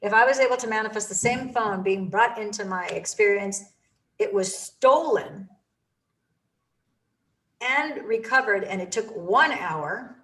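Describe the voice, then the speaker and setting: A woman's voice: fairly high pitch, a bit bright, distant mic, poor audio. A woman giving an enthusiastic, emphatic motivational talk about manifesting, repeating phrases for emphasis.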